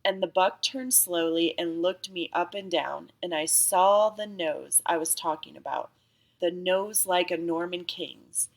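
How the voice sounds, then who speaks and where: A woman reading a story aloud as an audiobook narrator, in a calm, steady storytelling manner. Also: lowish voice, a little slow, creaky.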